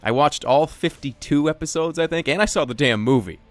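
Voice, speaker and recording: A man answering viewer questions in a casual voice-over, joking and self-deprecating, talking in a lively, animated way. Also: on the high side, brisk, soft background music.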